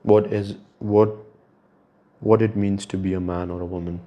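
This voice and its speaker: A man's voice: lowish voice, little pitch movement, moderate pace, warm tone. A young man hosting a podcast, talking in a reflective, rambling monologue and swearing casually. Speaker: podcast host.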